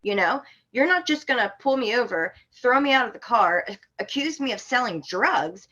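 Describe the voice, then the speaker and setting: A woman's voice: a little high, normal speed. Indignant woman telling a story. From Florida. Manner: animated, indignant retelling with sharp outbursts. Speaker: podcast guest. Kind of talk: casual storytelling.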